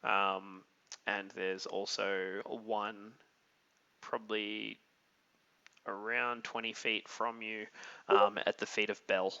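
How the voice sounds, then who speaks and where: A man running a tabletop game as game master, his voice fairly low but bright and forward. He describes the scene haltingly, stopping often to think. The audio is dull and lo-fi, like voice chat. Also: flat delivery, gravelly.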